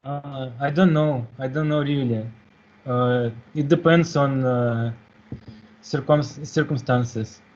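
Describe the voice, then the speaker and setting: A man's voice: mid-range voice, steady tone, slow, a little mellow. A man answering questions hesitantly, with fillers and restarts. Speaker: student. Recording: dull lo-fi, off-mic.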